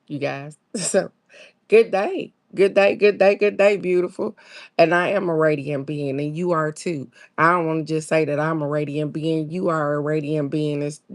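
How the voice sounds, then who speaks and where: Woman, lowish voice, laid-back spiritual chat, reads affirmations, greets viewers. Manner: laid-back, musing, with sudden high exclamations. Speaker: host of a daily card-reading stream.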